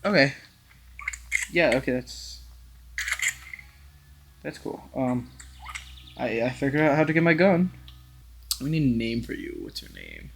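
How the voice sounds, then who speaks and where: A man's voice: medium pitch, measured pace, pauses often, slight background noise. A young man giving rambling, casual commentary while playing a VR game, swearing and talking to the characters on a headset mic. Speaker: gaming YouTuber.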